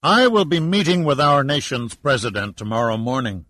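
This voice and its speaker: A man's voice: medium pitch, moderate pace, fairly bright tone, voice pushed up, close to an everyday voice. A man voicing a commanding navy admiral in an audiobook, speaking firmly and formally. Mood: stern. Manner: firm and formal, pressing.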